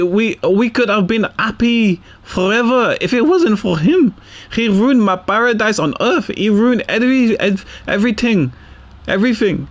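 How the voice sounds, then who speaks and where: A man's voice: high-pitched, pitched above the performer's own voice. A man reading game dialogue aloud as a bitter, frantic woman prison warden who rants and repeats curses. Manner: spiteful, ranting, repeating curses.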